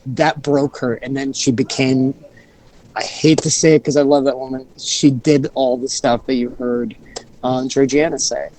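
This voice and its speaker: A man, a podcast guest, tells a personal story in an animated way, often restarting and repeating phrases and acting out what he said at the time. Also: medium pitch, normal speed, a little hiss or hum, rough recording. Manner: animated, restarts and repeats phrases, acts out his own quoted reactions.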